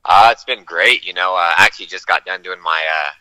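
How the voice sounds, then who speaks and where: A man's voice: deep voice, a little fast, pushed and bright, no room sound, rough recording. A man being interviewed on a radio show as a fighter guest, talking casually with fillers.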